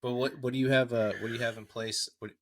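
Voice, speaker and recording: A man's voice: mid-range voice, flat delivery, fast. A young man co-hosting a podcast, chatting casually and retelling little home moments vividly. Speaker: podcast co-host. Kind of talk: casual chat.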